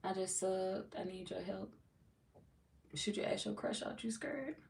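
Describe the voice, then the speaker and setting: A little slow and darkish, with vocal fry, a woman's medium-pitched voice comes through a distant mic. She's reading tarot on a casual livestream, chatting loosely, reading comments out loud, and laughing often.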